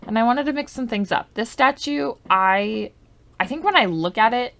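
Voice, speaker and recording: This woman's creaky, higher-pitched voice is animated as she comments on her game at a normal speed. A gaming YouTuber, she rambles casually with frequent likes and I don't knows, occasionally murmuring soft asides into her desk microphone.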